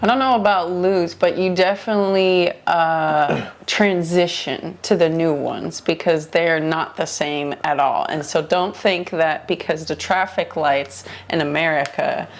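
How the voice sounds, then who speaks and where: A woman speaking as a guest in a casual interview, relaxed and thoughtful, with frequent ums. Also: low-pitched, unhurried, few pauses.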